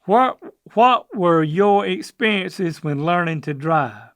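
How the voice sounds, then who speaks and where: Hesitant high-voiced older man. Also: expressive, takes it slowly, fairly bright tone, no echo. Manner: hesitant, stumbling over unfamiliar words. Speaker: podcast co-host, the father. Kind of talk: casual chat.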